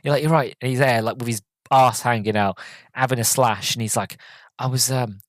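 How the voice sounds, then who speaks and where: A man chats through a film review on his podcast, wandering from scene to scene with frequent fillers and false starts. His voice sits at a middling pitch. The recording is close and dry, with no room sound. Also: a little fast, dry recording. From Britain. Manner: rambling, with many fillers and restarts, retelling scenes in quoted voices. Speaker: podcast host.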